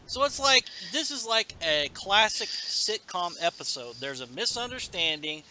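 A man casually recapping a comic book on a podcast, animated and jumping into character lines. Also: on the high side, a little slow, few pauses. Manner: animated, acts out character lines in raised voices. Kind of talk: casual chat.

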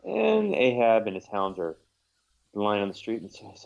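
A man's voice: fairly low pitch, a little slow, creaky. A man on a remote call, casually retelling a comic book and acting out the characters' voices. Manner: animated retelling with acted voices. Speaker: podcast co-host. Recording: dull lo-fi call audio.

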